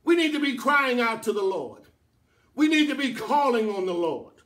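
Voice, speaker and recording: A man preaching a sermon as pastor in a church, building to shouted, repeated lines. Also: extremely high pitch, very animated, normal speed.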